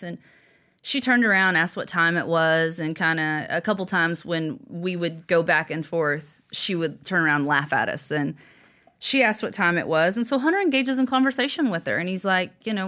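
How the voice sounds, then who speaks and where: Young adult woman, interview guest, animated storytelling, acts out quotes, laughs often. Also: fairly low pitch. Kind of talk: storytelling in conversation.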